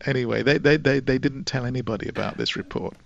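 A man, a guest in an interview, telling a long story in a measured, wry way with dry humour. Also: mid-range voice, gravelly, a bit bright, dry recording, muffled recording.

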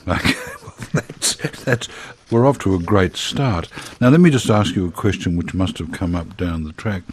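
A man hosts a radio interview in a conversational way, putting questions and reacting with quick quips. His voice sits very low and sounds husky and a little breathy. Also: darkish tone, no echo.

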